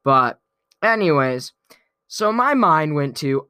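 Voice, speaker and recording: A man's voice: a little high, lively intonation, bright, forceful tone, clear, resonant tone, dry recording, clean studio sound. A man telling a weekly story time on his vlog in a playful, chuckling way. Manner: playful, slow and drawn-out, chuckling often. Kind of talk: casual storytelling to camera.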